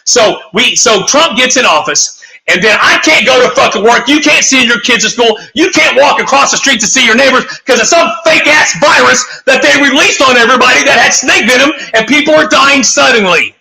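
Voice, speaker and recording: A man's voice: very high-pitched, a little fast, creaky, a crowd in the background, low-quality recording. A man on a talk show giving a heated, profane, rambling rant, full of emphatic restarts. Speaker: guest.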